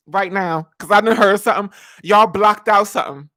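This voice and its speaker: Woman in her 20s, lively dramatic vlogger chatting to camera. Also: mid-range voice, a little fast. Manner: animated, dramatic, laughs often, sings snippets. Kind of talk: casual chat.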